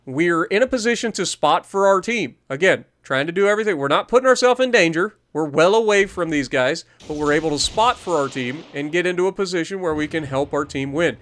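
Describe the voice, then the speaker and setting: A man's voice: fairly high pitch, animated, a little fast, hardly any pauses, a bit bright. A man giving explanatory, coaching commentary over a recorded naval game match as the host of a gaming channel. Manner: explanatory, coaching, repeats key points.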